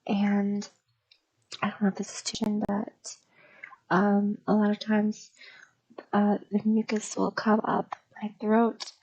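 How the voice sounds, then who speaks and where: A young woman streamer rambling casually in an ASMR style, soft and drifting into whispers, with a slight stutter. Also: mid-range voice, monotone, slow pace, long pauses, dry recording, rough recording.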